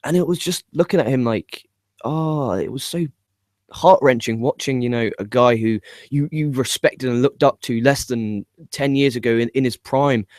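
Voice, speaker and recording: A young man with an excitable manner, swearing often, stumbling and repeating words as he gives his opinions. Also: mid-range voice, normal speed, no room sound, clean studio sound. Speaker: wrestling podcast host. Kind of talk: casual video commentary.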